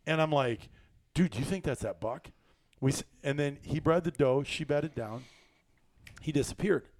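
A man's voice: mid-range voice, normal speed, no echo. Guy hosting a hunting chat, laughs a lot, voices his buddies, dry close sound. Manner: excited storyteller, laughs often, acts out quotes. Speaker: hunting podcast host. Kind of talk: casual storytelling chat.

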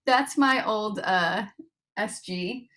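A woman's voice: medium pitch, drawn-out words. A young woman from the United States, a singer-songwriter guest, chatting casually on a video call and laughing often. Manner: giggly, relaxed, laughs often. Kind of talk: casual interview chat.

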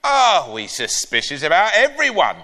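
A man doing a shrill, bossy old granny. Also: normal speed, heavily acted. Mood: gossipy. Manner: loud, shrill and animated. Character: cheeky old grandmother, brash and bossy. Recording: echoey live hall.

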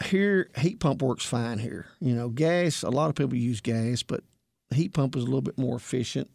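A man's voice: mid-range voice, normal speed, creaky, a little mellow, no echo, studio quality. A man with a Southern accent, a technician guest on a radio show, explaining in a plainspoken, folksy way with many fillers. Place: radio studio.

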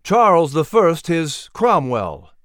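A man voicing a defiant colonial orator, speaking slowly in a firm, resolute voice. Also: mid-range voice, animated, dry recording, studio quality.

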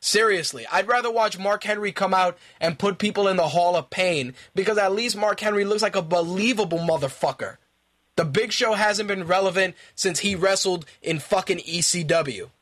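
A man's voice: high-pitched, moderate pace, a bit bright. A man hosting a talk radio show, ranting in profane, exasperated bursts and repeating himself when worked up. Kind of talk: ranting wrestling commentary.

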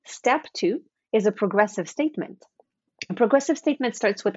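A woman with a French accent, a confidence coach explaining a technique in an animated, playful way as an interview guest. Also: medium pitch, normal speed, breathy edge, dry recording, dull audio. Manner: animated, playful, acts out quotes.

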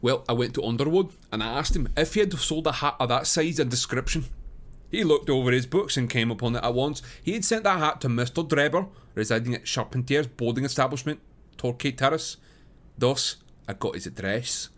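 A man's voice: mid-range voice, lively intonation, fairly quick, fairly bright tone, lightly acted. A man reading aloud, voicing a self-satisfied police inspector recounting his work. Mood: boastful. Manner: boastful storytelling.

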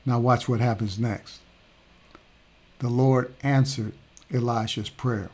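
A male preacher retelling a scripture story in a lively, conversational sermon. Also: mid-range voice, slow pace.

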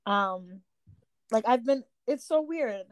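Young woman, somewhat high voice, hesitant and searching, dry recording. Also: expressive, slow, dry recording. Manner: searching, hesitant, full of restarts. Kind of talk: casual chat.

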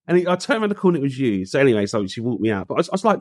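A man's voice: medium pitch, sing-song, racing, no room sound, studio quality. A man, telling a story in casual conversation. He acts out the voices he quotes and uses street slang. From England. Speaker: guest.

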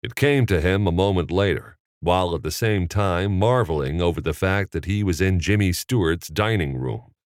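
A man narrating an audiobook chapter in a measured, expressive reading. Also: sits low, no room sound, studio quality. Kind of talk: scripted narration.

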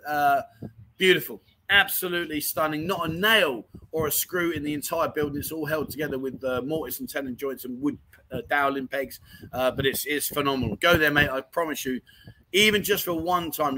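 A man hosts a casual livestream, chatting his way through viewers' comments. His voice is bright and sits a little high, and he rambles and laughs easily. A faint background noise runs under the recording. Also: brisk, low-quality recording. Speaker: livestream chat show host.

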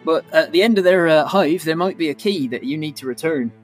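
A man's voice: a little high, a little fast, faint music behind, natural voice. A man voicing a rambling, digressive old male halfling beekeeper with a West Country accent. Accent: West Country English.

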